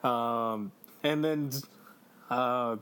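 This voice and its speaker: A man co-hosting a casual video game chat, excitable, swearing freely and laughing often. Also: mid-range voice, very slow, a little hiss or hum. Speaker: let's play co-host.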